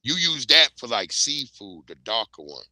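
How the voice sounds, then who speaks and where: Bright, joking man hosting a livestream. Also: mid-range voice, big pitch swings, moderate pace, no echo. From Virginia. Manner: loose, joking, profane banter. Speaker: livestream host. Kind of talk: casual livestream chat.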